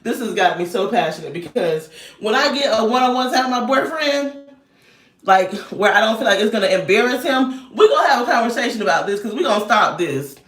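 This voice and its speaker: Animated ranting woman in an echoey room. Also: a little high, fairly quick. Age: 30s. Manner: animated, loud, laughing often. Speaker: vlogger. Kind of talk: casual storytelling rant. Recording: roomy echo, distant mic.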